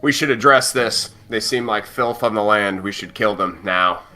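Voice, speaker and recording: A harsh adventurer in a tabletop game who is eager to cut strangers down, played by a man at the table. The voice is very deep and sharp-edged, with short, cold sentences. Faint music plays underneath. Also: normal speed. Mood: hostile.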